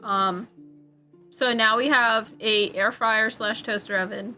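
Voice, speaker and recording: A young woman streamer chatting casually while crocheting, telling a rambling story, swearing freely and getting animated when she quotes people. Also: fairly high pitch, slow, faint music behind.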